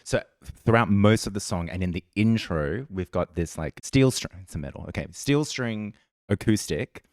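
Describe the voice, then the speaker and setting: A very deep-voiced man with an Australian accent chats casually as a podcast co-host. He rambles into side stories and laughs easily. The recording is dry and close, with no room sound. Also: lively intonation, moderate pace, darkish tone, no room sound. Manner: rambling, chatty storyteller who laughs often. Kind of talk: casual music reaction chat.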